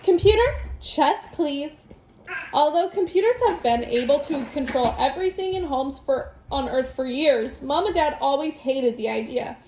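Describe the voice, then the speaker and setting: A woman's voice: high-pitched, normal speed, hardly any pauses, a little mellow, reverberant, a little hiss or hum. A woman reading a chapter book aloud at home, casual and chatty between passages. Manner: casual, breaks off to laugh and chat. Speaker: storybook reader. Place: home room.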